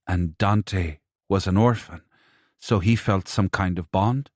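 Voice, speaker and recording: A man voicing an emotional, excitable older mother who speaks in fretful exclamations. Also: low voice, slow, no room sound, studio quality.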